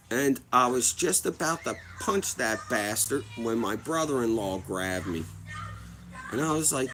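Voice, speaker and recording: A man in his thirties talks on a casual livestream at an unhurried pace. His voice sits in an ordinary middle pitch. He rambles, restarts his sentences and swears freely as he tells a story. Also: fairly bright tone, slight background noise. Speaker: livestream host.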